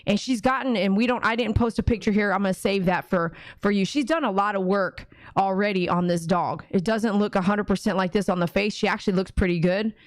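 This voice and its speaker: A woman's voice: medium pitch, fairly quick, hardly any pauses, no echo. A woman dog groomer hosting a casual livestream, chatty and rambling, often acting out conversations.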